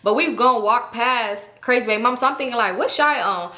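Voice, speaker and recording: A young woman telling a storytime vlog in casual, slangy style, animated and expressive. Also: a little high, quick pace. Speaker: storytime vlogger. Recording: echoey room.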